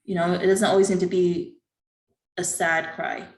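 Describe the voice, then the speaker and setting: A woman interviewer speaking gently and reassuringly over a video call. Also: lowish voice, level tone, normal speed, roomy sound, poor audio. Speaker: interviewer, host. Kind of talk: supportive interview.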